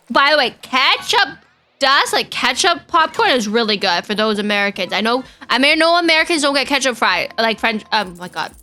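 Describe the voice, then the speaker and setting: A woman's voice: sits high, sharp tone. A young woman, chatting casually with her viewers on a live stream, bubbly and chatty as she greets people and reads chat. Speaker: VTuber streamer.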